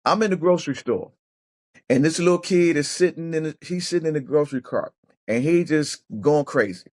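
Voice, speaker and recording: A man's voice: a little high, fairly quick. A middle-aged man, a former football player turned coach, telling personal stories as a podcast guest, often restarting his words. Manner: animated storyteller who acts out other people's voices; repeats and restarts words while thinking. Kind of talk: casual storytelling interview.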